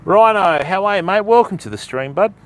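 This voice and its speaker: A man's voice: high voice, expressive, brisk, a little hiss or hum. An Australian man hosting a live fishing stream outdoors, chatting casually and matey with viewers. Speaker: fishing livestream host. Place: outdoors on a beach.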